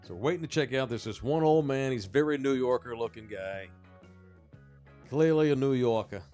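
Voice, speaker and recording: A man hosting a sports podcast, telling a story in a casual, animated way, swearing and acting out the voices of the people in it. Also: on the low side. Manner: animated, profane, acts out the people in his story. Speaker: podcast host.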